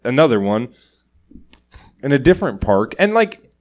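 A man at an average pitch, co-hosting a loose podcast. He tells stories in a rambling way, swears freely and fills the gaps with "like" and "uh". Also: sing-song, normal speed. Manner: rambling storyteller, swears often, many fillers. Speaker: podcast co-host and stand-up comic. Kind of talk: casual chat.

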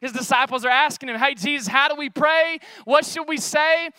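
A young male pastor preaching a casual, energetic sermon, chatty with fillers and calling out to the congregation. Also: very high voice, moderate pace, dry recording.

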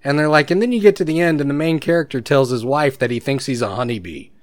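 A man's voice: mid-range voice, fast talker, no echo. A man co-hosting a casual podcast, telling rambling stories and laughing often. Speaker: podcast co-host.

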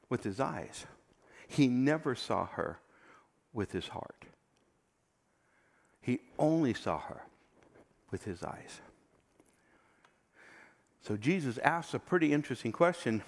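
A male preacher delivering a sermon at a slow, deliberate pace, his pitch rising and falling with animated swings. His slightly high voice hangs in the long reverb of a hall. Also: creaky, husky. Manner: expressive, emphatic, often drops to a quiet intense tone.

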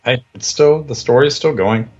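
A man with a husky voice making dry, wry comments in casual chat. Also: mid-range voice, normal speed, a little mellow, muffled recording. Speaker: podcast co-host.

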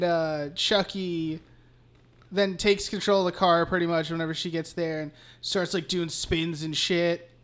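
A man's voice: high voice, a bit bright, smooth. A man co-hosting a podcast, retelling a horror movie plot in a rambling, profane, casual way. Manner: rambling, profane, laughing recap. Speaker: podcast co-host. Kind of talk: casual movie recap chat.

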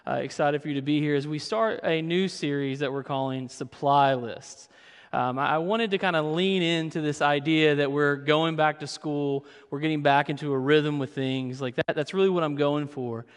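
Young man, pastor preaching, humorous storyteller, fairly high voice, long hall reverb. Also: fairly even intonation, normal speed, clean tone. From Kentucky. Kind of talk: sermon. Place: church sanctuary.

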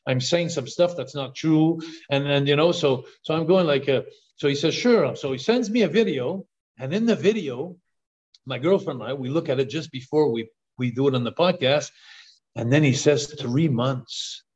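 Older man, podcast guest; eager, restart-heavy storyteller, slightly higher voice, muffled remote audio. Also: moderate pace. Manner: excited storyteller, repeats words on restarts. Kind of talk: storytelling interview talk. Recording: dull lo-fi call audio.

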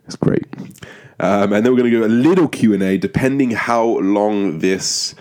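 A young man hosting his own podcast in a casual, rambling and profane way, with lots of ums and restarts and a flat, monotone delivery. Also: on the low side, normal speed. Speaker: podcast host. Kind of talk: casual solo podcast monologue.

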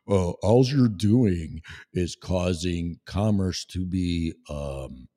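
A man voicing a pompous male national leader who lectures slowly and condescendingly. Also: low-pitched, dark tone, voice pushed down. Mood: lecturing. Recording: long echoing reverb.

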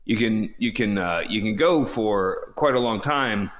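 Man, lowish voice, relaxed, measured pace of thought, casual chat. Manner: relaxed, measured, with frequent fillers. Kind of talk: casual conversation.

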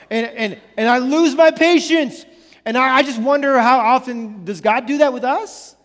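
A man in his thirties preaching a sermon as pastor, animated and conversational, full of rhetorical questions. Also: extremely high pitch, fairly quick. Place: church sanctuary. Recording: church hall with long reverb.

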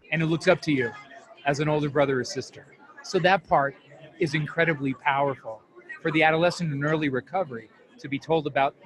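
A family addiction program counselor tells an interview story from his work with families facing addiction. His voice is slightly high, and he comes across earnest and heartfelt, moved to emotion as he speaks.

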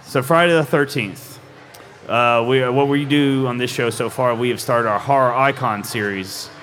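A man's voice: medium pitch, moderate pace, fairly bright tone. Casual male co-host, chatty and joking, faint brewery hum behind. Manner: rambling, joking, recapping movie plots. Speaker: podcast co-host. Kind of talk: casual chat at a live podcast. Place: brewery with a live audience.

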